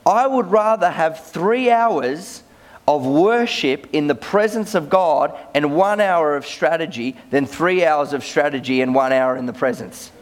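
A man's voice: fairly high pitch, unhurried. A man preaching a sermon as a pastor, conversational, often repeating words as he starts sentences.

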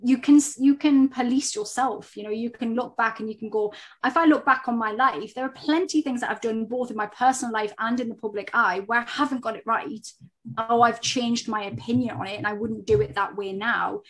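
A woman in her thirties, a self-development coach, talks candidly from her home in a fairly high voice. She is earnest and frank and repeats key phrases to drive her point home. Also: steady tone, brisk. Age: 30s. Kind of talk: casual podcast conversation.

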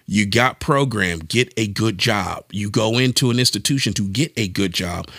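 Animated man thinking aloud. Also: fairly low pitch, normal speed, dry recording, studio quality. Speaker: podcast co-host. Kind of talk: casual discussion.

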